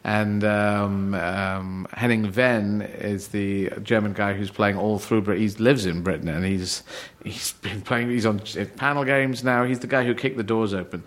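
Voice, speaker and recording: A man's voice: lowish voice, fairly even intonation, unhurried, hardly any pauses. Playful rambling middle-aged man. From born in Yemen. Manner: rambling, playful, jumps into mock voices. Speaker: comedian guest. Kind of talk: casual podcast chat.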